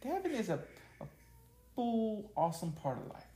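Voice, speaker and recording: A man's voice: sits high, huge pitch swings, normal speed, dark tone. A man co-hosting a podcast, joking around and telling stories with frequent laughs. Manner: jokey storyteller, laughs often. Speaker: podcast co-host. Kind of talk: casual podcast banter. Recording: echoey room.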